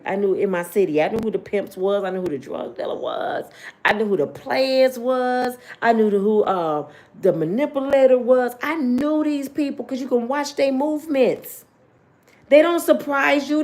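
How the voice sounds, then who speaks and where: A middle-aged woman who tells a personal story casually, in a blunt, animated and slangy way, speaking straight to her viewers. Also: on the high side. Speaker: host telling a personal story.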